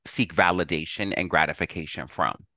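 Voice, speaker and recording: A man's voice: sits low, normal speed, bright, forceful tone, no room sound. A man guesting on a podcast in casual chat, emphatic and preachy as he makes his points.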